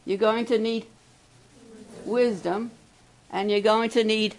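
A woman giving a devotional talk to campers and adults, asking the crowd questions and slowing down to stress key words. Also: fairly high pitch, fairly even intonation, poor audio. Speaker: camp speaker.

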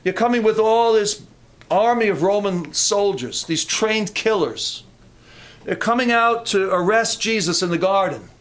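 A man's voice: high voice, lively intonation, a little slow, a bit bright. A man preaching a conversational sermon with humorous asides and frequent restarts, rising into fervent emphasis.

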